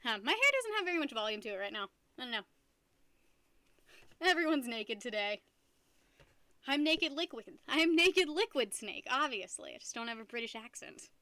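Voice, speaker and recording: A young woman chats with her stream viewers in a high, bright, lively voice. She is playful and giggly and laughs at herself a lot. The sound is close and dry. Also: normal speed, long pauses, no room sound. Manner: playful, giggly, self-mocking. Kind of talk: casual live-stream chat.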